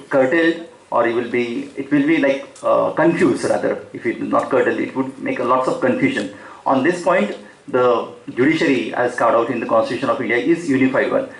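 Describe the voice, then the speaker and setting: A man giving an unscripted academic lecture at a seminar, with frequent fillers and self-corrections. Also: medium pitch. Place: seminar hall. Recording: echoey hall.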